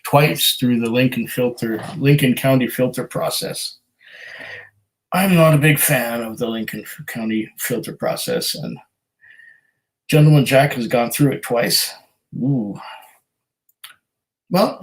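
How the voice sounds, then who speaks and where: Laid back guy doing a live stream at home, reads out chat, lots of ums, mid-pitched voice. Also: low-quality recording. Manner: easygoing, chatty, lots of ums and restarts. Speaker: whisky livestream host. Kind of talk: casual live-stream chat, reading comments aloud.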